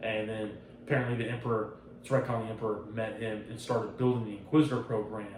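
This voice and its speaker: Profane, excitable man recorded off-mic in a roomy space. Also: lowish voice, fast, far from the mic, noisy background. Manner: loose, profane, animated retelling. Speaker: podcast host. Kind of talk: casual chat. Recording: roomy echo, off-mic, faint ambience.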